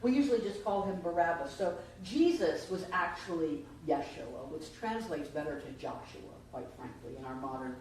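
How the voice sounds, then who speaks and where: Woman, conversational sermon, lowish voice, heavy echo, distant mic, faint hiss. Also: normal speed, hardly any pauses, a little mellow. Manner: conversational storytelling, asks the congregation questions. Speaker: minister. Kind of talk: Easter sermon. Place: church sanctuary. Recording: distant mic, very echoey hall, faint noise.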